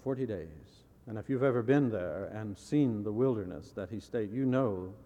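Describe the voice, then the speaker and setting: A man preaching a sermon in a measured way, repeating key phrases and putting rhetorical questions to his listeners. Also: on the low side, warm tone, long reverb tail, muffled recording. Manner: asks the audience rhetorical questions.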